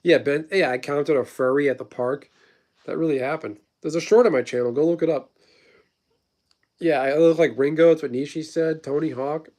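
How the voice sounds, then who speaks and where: A man's voice: a little high, fairly even intonation, moderate pace, a little mellow. A man in his thirties hosting a casual livestream, rambling through stories and blunt, profane opinions while answering chat. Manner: replies to chat messages. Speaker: livestream host.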